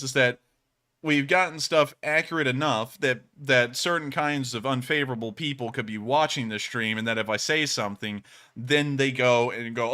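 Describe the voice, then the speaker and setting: A man with a bright, forceful voice runs a live news stream. He talks in a loose, chatty way, full of ums and restarts, and slides into dry sarcasm. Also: medium pitch.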